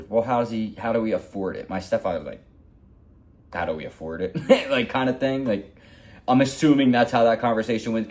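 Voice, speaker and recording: Man, 40s, deep voice, rambling heartfelt storyteller, vlog. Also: a little mellow. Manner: rambling, heartfelt, repeats himself. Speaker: hockey vlogger. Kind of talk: personal storytelling.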